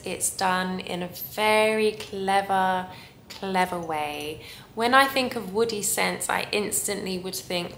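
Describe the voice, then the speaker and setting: Slow, gushing woman in an echoey room. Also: medium pitch, fairly bright tone, slight background noise. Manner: gushing, savoring descriptions. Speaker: perfume reviewer. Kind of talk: casual review vlog.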